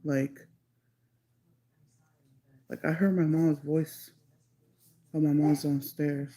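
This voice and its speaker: A woman's voice: sits low, little pitch movement, mellow, rough recording. A woman casually telling a story on a livestream, rambling with lots of "like" and slipping into Spanish. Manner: rambling, heavy use of "like", slips into Spanish; stretches some phrases out slowly when stressing them.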